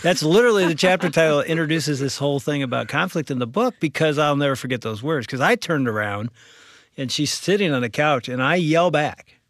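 Older male co-host, lively self-mocking storyteller, dry close sound. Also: fairly high pitch, brisk, no room sound. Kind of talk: storytelling in conversation.

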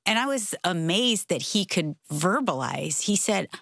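Woman, middle-aged, animated storyteller, lowish voice, dry close sound. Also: unhurried, vocal fry, dry recording. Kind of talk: casual faith discussion.

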